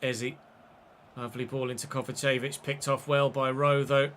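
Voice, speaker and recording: A man, chatting and commentating excitedly while streaming a football game. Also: medium pitch, moderate pace, slight background noise. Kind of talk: live gameplay commentary.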